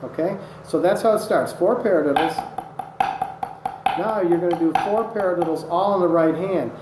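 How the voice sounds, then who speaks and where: A man's voice: high voice, normal speed. A man teaching drumming technique, patient and methodical, calling out strokes as he demonstrates them. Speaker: drum instructor. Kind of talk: instructional demonstration. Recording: echoey room with loud noise. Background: drumming on a practice surface.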